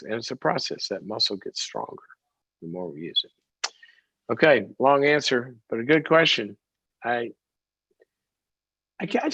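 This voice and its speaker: A man's voice: fairly low pitch, vocal fry, slightly rough, no room sound. A middle-aged man hosting a call-in advice show, telling stories and acting out the voices of the people in them. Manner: animated storytelling, acts out quoted voices. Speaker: talk show host and psychologist. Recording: dull dry close mic.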